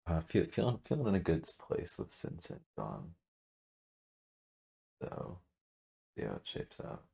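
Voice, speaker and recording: A very low, gravelly male voice with a husky edge, muses over a strategy game at his computer. His pitch roams widely as he thinks out loud, hedging and correcting himself mid-sentence, a little back from his desk mic. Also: huge pitch swings. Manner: musing, self-correcting, halting with fillers. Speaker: gameplay commentator. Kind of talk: casual game commentary. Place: room at a computer. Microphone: desk mic, sitting back from it.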